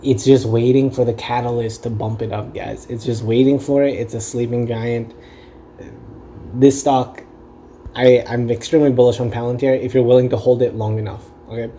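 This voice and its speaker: A young man talks straight to his viewers in a casual, rambling vlog, earnest and a little lecturing as he repeats key phrases. His voice is very dark and mellow, with a middling pitch. A faint hum of ambience sits behind him. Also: flat delivery, moderate pace. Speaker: stock investing YouTuber.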